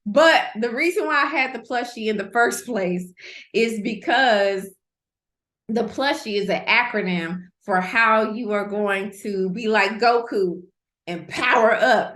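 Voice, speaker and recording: A middle-aged woman hosting an online masterclass, teaching in a lively, conversational way and repeating key points for emphasis. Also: mid-range voice. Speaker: host, coach. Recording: roomy echo.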